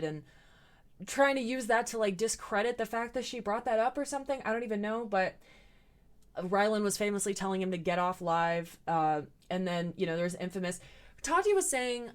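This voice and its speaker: A woman's voice: mid-range voice, animated, brisk, clean tone. A young adult woman hosting a commentary video, recapping online drama in a blunt, opinionated way and swearing freely.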